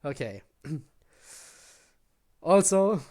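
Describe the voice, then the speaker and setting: Late at night, a tired game streamer chats casually and self-consciously with viewers while gaming, giggling often. The mid-range voice is very animated yet extremely slow, with a dark tone.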